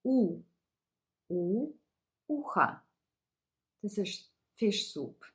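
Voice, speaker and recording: A woman teaching a beginners' language lesson, reading each word and its translation slowly and repeating it. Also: lowish voice. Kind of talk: slow, deliberate lesson reading words aloud.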